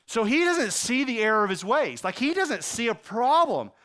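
A man preaching a sermon, acting out the quotes he reads and swinging between loud outbursts and hushed lines. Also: very high-pitched, big pitch swings, moderate pace.

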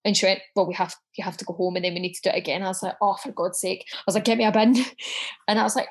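A woman as a podcast guest, telling stories in a lively way and swearing as she goes. Her voice sits in a middle pitch, and she acts out what she said back then with plenty of drama. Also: rapid-fire, breathy edge. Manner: animated storyteller, swears freely, acts out her own quotes. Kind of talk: casual chat.

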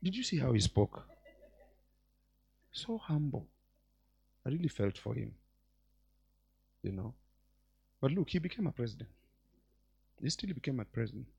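A man preaching a sermon in church as bishop, swinging between loud exclamations and quiet asides. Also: medium pitch, normal speed, gravelly, long pauses, breathy edge. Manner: animated preacher, mixes shouts with quiet asides.

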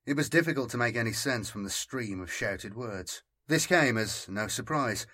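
A man narrating an audiobook in a slow, deliberate scripted reading. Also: mid-range voice, animated, pushed and bright.

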